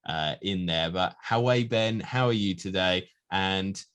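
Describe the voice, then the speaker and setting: A man's voice: sits low, measured pace, a bit bright, smooth. A man co-hosting a football podcast in an upbeat, casual chat, laughing easily. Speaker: podcast co-host.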